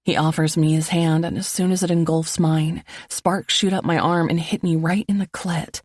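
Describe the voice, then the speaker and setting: A woman narrating a first-person romance audiobook in an even, low-key reading voice. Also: normal speed, few pauses, slightly rough, no echo, clean studio sound.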